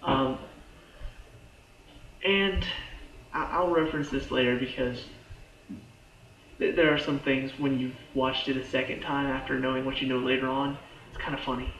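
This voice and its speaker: A man's voice: mid-range voice, steady tone, normal speed, pauses often, fairly bright tone. A man giving a casual, rambling recap of TV episodes as a reviewer, with lots of "like" and restarts. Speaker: TV show reviewer. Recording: echoey room, dull lo-fi sound.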